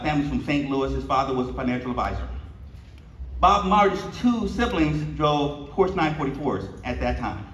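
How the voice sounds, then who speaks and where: A man's voice: on the high side, slight background noise. A man in his fifties giving a keynote at a luncheon, telling stories and acting out the dialogue with humor. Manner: animated, acts out quoted dialogue, jokes with the audience. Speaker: keynote speaker. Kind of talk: storytelling keynote speech. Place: banquet hall. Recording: echoey, distant, slightly dull room recording.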